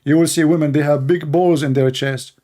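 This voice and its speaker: Sarcastic man with a slightly high voice. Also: steady tone, a little fast, dark tone. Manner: sarcastic, scornful, broken grammar. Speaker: show host taking calls. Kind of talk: mocking monologue commentary.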